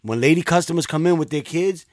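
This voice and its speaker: A man in a casual podcast chat, chiming in with quick jokes and side remarks. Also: on the high side, dry recording, studio quality. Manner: jokey, quick to chime in.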